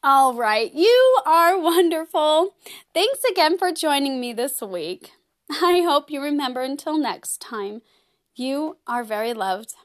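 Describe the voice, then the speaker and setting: A young woman hosting a children's lesson, gentle, playful and encouraging, laughing often as she talks to kids. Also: high-pitched, sing-song, slow pace. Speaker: children's program host. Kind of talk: children's lesson with song and breathing game.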